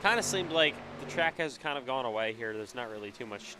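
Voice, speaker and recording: A man with a congested, stuffed-up voice giving casual live commentary on a sim race as the stream host, relaxed and chatty with frequent fillers. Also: mid-range voice, fairly quick, heavy background noise.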